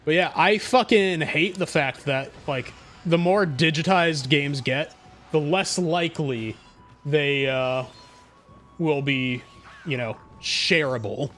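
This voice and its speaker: High-voiced, ranting male streamer. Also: fairly bright tone, soft background music. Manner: profane, ranting, quick to anger. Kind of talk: casual gaming stream chat.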